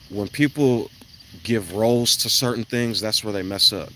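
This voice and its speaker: A man, talking in a rambling, blunt monologue that swings into loud, emphatic bursts. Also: on the low side, moderate pace, a little hiss or hum. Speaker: vlogger. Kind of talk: casual monologue on an evening walk. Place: outdoors at night.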